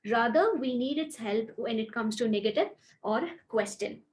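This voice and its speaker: A woman with an Indian English accent, an English trainer giving an online grammar lesson and saying example sentences slowly and carefully. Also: on the high side, animated. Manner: clear, deliberate teaching with slowed example sentences.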